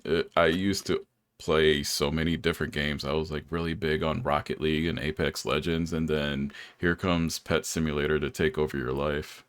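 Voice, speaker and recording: A man's voice: a bass voice, flat delivery, normal speed, clear, resonant tone, no echo, clean studio sound. A young man hosting a podcast, telling stories in a laid-back way and laughing often. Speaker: podcast host. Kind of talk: casual chat.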